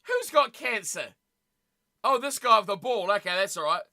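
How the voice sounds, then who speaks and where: A streamer giving casual live commentary at a rugby watch party, chatting with viewers and shouting with excitement at big plays. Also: mid-range voice, normal speed. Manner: chatty, talks straight to viewers in chat.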